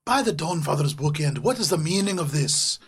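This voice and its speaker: A man voicing a gruff dwarf scholar guarding a library desk. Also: on the high side, animated, brisk. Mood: indignant. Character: gruff dwarf scholar, strict then friendly.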